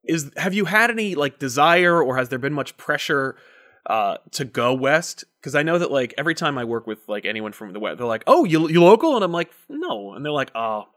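A man hosting a casual chat, telling animated stories full of swearing and acted-out voices. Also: brisk. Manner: animated storyteller, swears, acts out voices with big pitch jumps. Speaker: podcast host.

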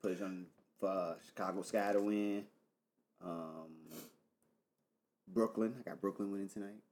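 A man's voice: low-pitched, steady tone, measured pace, a little mellow. Man in teasing podcast chat. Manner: teasing, reacting to his co-host. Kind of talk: casual chat.

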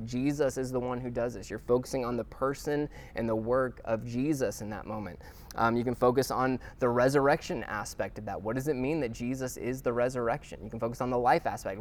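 A man teaching a weekly Bible study class in a casual, conversational way, with many fillers and restarts and check-ins with his listeners. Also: mid-range voice.

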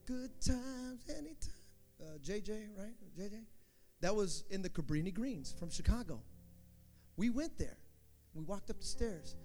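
A man with a high voice preaches a sermon, acting out each story as he tells it. He jumps into shouted quotes and then drops back to a low, earnest tone. A faint guitar plays behind him. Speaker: pastor.

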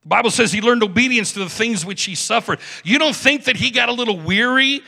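A man preaching a sermon in a church with animated delivery, acting out biblical figures with joking asides. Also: extremely high pitch, brisk, gravelly. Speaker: pastor. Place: church sanctuary. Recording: reverberant church hall.

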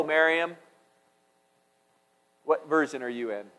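High-voiced male preacher in a hall. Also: lively intonation, takes it slowly, long pauses. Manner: reads scripture aloud and acts out quotes with swings in volume. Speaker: pastor. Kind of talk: sermon. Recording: long hall reverb.

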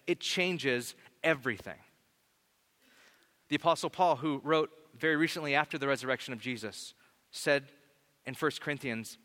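A man preaching a sermon in a church, conversational and direct, slowing down on key lines for emphasis. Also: on the high side, pushed and bright. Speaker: pastor. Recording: reverberant church hall.

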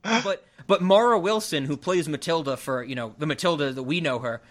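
A man co-hosting a casual film review podcast, rambling and animated with frequent restarts. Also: fairly high pitch, brisk. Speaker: podcast co-host. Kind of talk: casual movie review chat.

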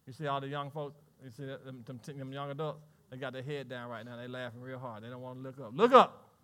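A man's voice: medium pitch, little pitch movement, clean tone. A middle-aged man with a Southern American accent preaching a sermon as pastor, trading lines with imagined churchgoers and laughing along. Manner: preaching with call-and-response asides and laughter; voices imagined congregants in quick back-and-forth.

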